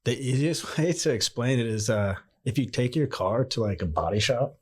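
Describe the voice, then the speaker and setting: Male podcast guest with a husky, storytelling read. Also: mid-range voice, normal speed. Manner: animated anecdotes with quoted dialogue. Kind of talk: casual storytelling.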